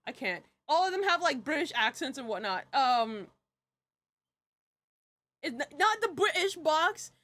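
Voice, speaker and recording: A woman's voice: sits high, big pitch swings, measured pace, long pauses, pushed and bright. A young woman answering questions on a casual live stream, rambling and giggly with many fillers and restarts. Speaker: streamer and project creator.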